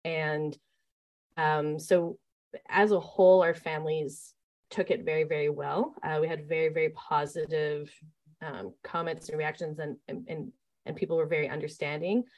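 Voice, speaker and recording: In a relaxed interview, a woman with a slightly low, darkish voice looks back on her work as a camp staff leader. Her delivery is flat and at normal speed, chatty, and full of restarts and fillers like "um" and "like."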